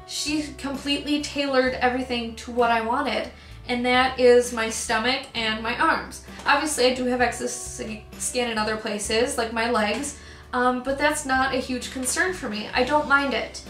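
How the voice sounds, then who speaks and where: A woman's voice: on the high side, steady tone, normal speed, a bit bright, echoey room, soft background music. A young woman telling a personal story in a vlog, rambling with many ums and getting choked up as she talks. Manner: emotional, gets choked up. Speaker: vlogger.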